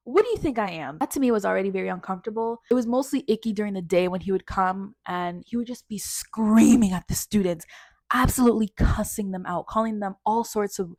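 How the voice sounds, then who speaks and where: A young woman from Canada in a casual storytime vlog, telling her story in an animated way and acting out what other people said. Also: mid-range voice, brisk, no echo, clean studio sound.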